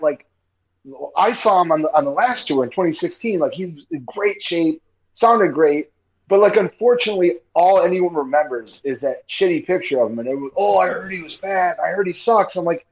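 A man's voice: fairly high pitch, muffled recording. A man co-hosting a podcast in casual chat, rambling with lots of fillers. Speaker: podcast co-host.

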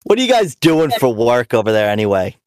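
A man's voice: mid-range voice, sing-song, fairly quick, dry recording. A man in a casual podcast chat, joking, swearing and cutting in on the others. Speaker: podcast co-host. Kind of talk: casual banter.

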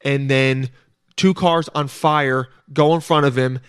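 Solo on his podcast, a man rambles casually in a monologue full of swearing, restarts and self-interruptions. His medium-pitched voice is slow, steady, a bit bright, clear and resonant, captured at studio quality with no room sound.

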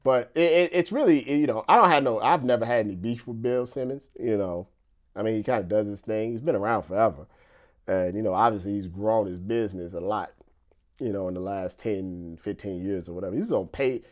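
A man's voice: fairly low pitch, fairly quick. Rambling man chatting on a live stream. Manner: loose and conversational, stacks up "you know" and repeats himself. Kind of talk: casual live-stream chat.

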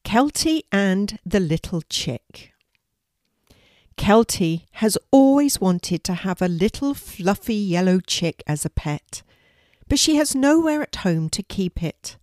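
An older woman, a grandmother, reading a children's story aloud in a calm, clear way. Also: mid-range voice, slow pace, no echo, studio quality.

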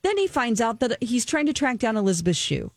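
A woman's voice: on the high side, a little fast, dry recording, clean studio sound. Chatty woman recapping a movie. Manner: chatty and animated, lots of ums, acts out the characters. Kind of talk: casual movie recap chat.

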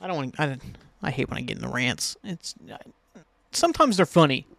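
A man's voice: mid-range voice, big pitch swings, fairly quick, vocal fry, fairly bright tone, dry recording. A man hosting a solo podcast, rambling casually and ranting with lots of swearing. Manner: rambling and ranty, swears freely. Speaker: podcast host.

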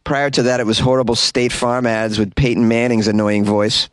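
A man's voice: mid-range voice, level tone, moderate pace, no echo. Wisecracking man podcasting from a closet. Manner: wisecracking, stumbles over foreign words. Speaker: comedian podcast host. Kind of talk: casual comic monologue. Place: small closet.

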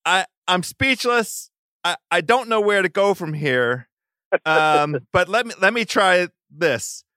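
A man hosting a podcast, chatting casually with an animated manner and repeated stumbles. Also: sits high, slow pace, no room sound. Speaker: podcast host.

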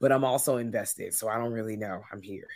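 A woman co-hosting a casual podcast, speaking, animated and swearing freely. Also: extremely low pitch. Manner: animated, swears freely, drawn-out emphatic delivery. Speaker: podcast co-host.

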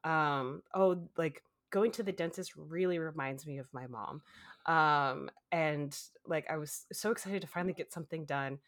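A woman's voice: low-pitched, moderate pace. A woman co-hosting a podcast, casually telling a long story, acting out quotes and laughing often. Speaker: podcast co-host.

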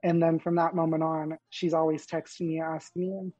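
A man's voice: a little high, moderate pace, dry recording, lo-fi sound. A young man, a podcast guest, telling personal stories candidly, laughing often and acting out the dialogue. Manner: animated, laughs often, acts out quoted dialogue. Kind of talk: candid storytelling interview.

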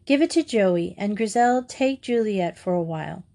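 A woman reading the part of a brisk young headmistress who speaks firmly and decidedly. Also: mid-range voice, animated, creaky, warm tone. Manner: firm, decided. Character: brisk young headmistress, firm but kind.

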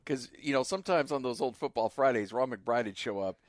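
A man's voice: mid-range voice, brisk, no echo. Teasing, skeptical male co-host. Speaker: radio co-host. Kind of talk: casual chat.

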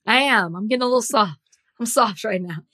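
Bright-voiced woman co-hosting. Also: fairly high pitch, a little fast, dry recording. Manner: talkative, tells stories with examples. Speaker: podcast co-host. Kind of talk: casual chat.

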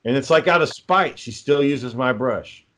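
A man's voice: mid-range voice, normal speed, fairly bright tone. A man telling dry, profane anecdotes in casual podcast chat. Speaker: co-host.

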